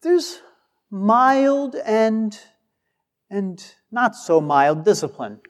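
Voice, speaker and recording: A man's voice: sits high, very animated, drawn-out words. A man preaching a sermon with emphasis, acting out the replies he quotes. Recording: long hall reverb.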